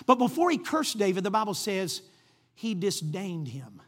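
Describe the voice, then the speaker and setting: A preacher telling a Bible story in an animated sermon, acting out the characters and calling for amens. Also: male voice, sits high, moderate pace. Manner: calls for amens from the congregation.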